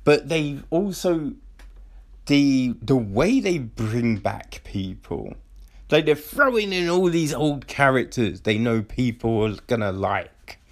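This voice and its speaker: Guy ranting about a tv show, slow drawl but swoops up and down a lot, keeps going "right?". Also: medium pitch. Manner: animated, frequent rhetorical "right?", mocking quoted voices. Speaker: TV series reviewer. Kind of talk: casual spoken review.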